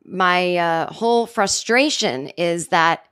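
A woman in her forties hosting a comedy podcast, talking in a rambling, sarcastic monologue full of restarts, jumping up in pitch for mock quotes. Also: takes it slowly, a bit bright, smooth. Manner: rambling, sarcastic, self-interrupting, with many restarts. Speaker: podcast host.

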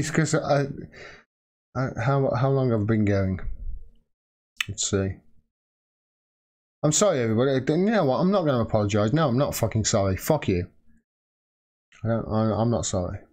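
A man's voice: mid-range voice, animated, moderate pace, pauses often, darkish tone. A man giving an angry, profane livestream rant as a political video commentator, heated and emphatic.

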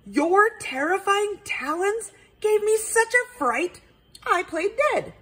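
A woman's voice: very high-pitched, big pitch swings, slow, sharp tone, voice pushed up, heavily acted. A woman voicing a timid, easily frightened male possum in a storybook read-aloud, speaking shakily. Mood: accusing.

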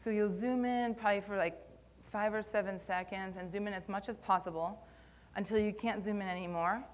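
A woman's voice: medium pitch, fairly even intonation, fairly quick. A young woman giving a live conference talk on posture, conversational and a little nervous, with plenty of ums. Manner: conversational, filler-heavy, slightly nervous. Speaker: conference speaker on posture and Pilates. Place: conference room.

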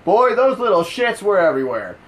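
A man giving casual let's play commentary on a horror game, cursing and yelling out in bursts of excitement. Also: high-pitched, a little fast. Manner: profane, excitable outbursts. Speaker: gameplay commentator.

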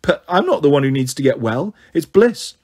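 A man's voice: a little high, very animated, normal speed, darkish tone, slightly rough. Man voicing an anxious earnest young girl. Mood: worried. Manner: pleading, earnest.

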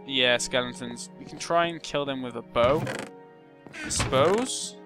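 A young man giving casual gameplay commentary, muttering to himself and breaking into loud, excitable shouts. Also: mid-range voice, a little slow, music in the background. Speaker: gaming channel host.

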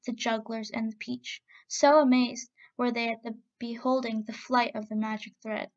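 A woman reads a folk tale aloud in a steady, expressive way. Her voice is slightly high and has a gravelly, creaky edge. The recording sounds dull and lo-fi. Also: moderate pace, few pauses. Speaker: storyteller. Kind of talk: storybook narration.

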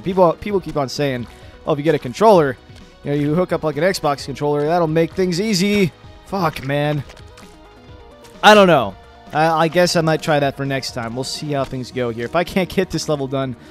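A young man with a fairly high voice talks through a game he keeps failing, grumbling, cursing and now and then yelling. His voice has gone a little phlegmy. Faint music runs underneath. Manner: frustrated, swearing, bursts of yelling and laughing. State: slightly phlegmy voice. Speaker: gaming video host. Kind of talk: casual let's-play commentary.

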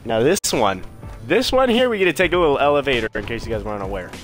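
A man casually commentating his gameplay, excitable and swearing, with jokey asides to his viewers. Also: mid-range voice, rapid-fire. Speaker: streamer playing a game. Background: game music.

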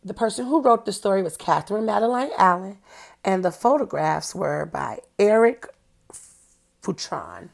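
A woman's voice: mid-range voice, very animated, normal speed, gravelly. A woman reading a picture book aloud to young children in a playful way, asking them questions as she goes. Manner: playful, addresses young listeners directly with questions. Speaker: children's storyteller.

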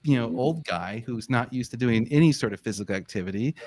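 A man telling a story in a casual live show chat, swearing freely and acting out quotes in a high voice. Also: animated, a little fast, a little mellow.

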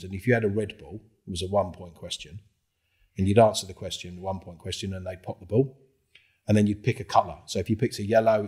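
A middle-aged man, a podcast guest telling a story in a casual, animated way, swearing freely and acting out the dialogue. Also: sits low, breathy edge.

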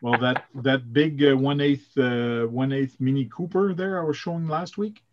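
A man's voice: mid-range voice, normal speed. A man hosting a casual live chat, telling stories in a chatty way with frequent filler sounds. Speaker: host of a live chat show. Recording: muffled lo-fi sound.

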